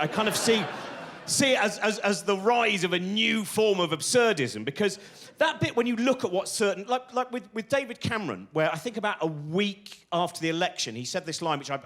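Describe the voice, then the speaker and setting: A man's voice: high-pitched, a bit bright. A man doing stand-up comedy on stage, ranting and swearing with exasperated energy.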